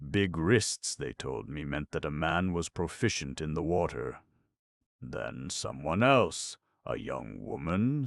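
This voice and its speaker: Eager young gent in an audiobook, man reading, deep gravelly voice, brisk and excited. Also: no room sound, full character voice. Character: eager young Boston gentleman. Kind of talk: audiobook narration.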